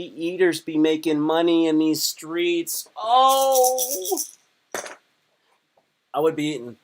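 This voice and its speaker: A man's voice: a little high, slow, long pauses. A man doing a casual comedy live stream, talking in a rambling, crude, joking way.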